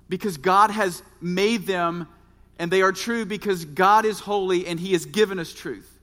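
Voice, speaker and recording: A man's voice: sits high, fairly bright tone. A man in his thirties, a pastor preaching a sermon and speaking earnestly and directly to his congregation. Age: 30s. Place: church. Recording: reverberant church hall.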